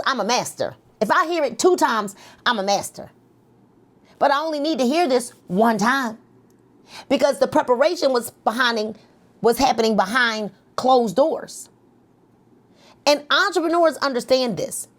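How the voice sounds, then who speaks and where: A middle-aged woman coaching a live motivational session, energetic and leading the group in call-and-response with lots of repetition. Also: high-pitched. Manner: energetic, repeats phrases for emphasis, leads call-and-response.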